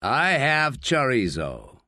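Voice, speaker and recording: A man voicing a wild old American war veteran with a deep, treacly drawl and an American accent. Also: wildly swooping pitch, slow, sharp tone, no room sound, clean studio sound, exaggerated voice. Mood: gruff.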